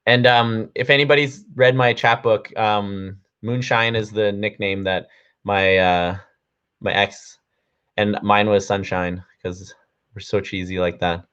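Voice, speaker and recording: A man's voice: on the low side, fairly even intonation, measured pace, fairly bright tone, smooth. A young man chatting playfully in a casual vlog and reading his own writing aloud. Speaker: vlogger. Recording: slightly dull lo-fi sound.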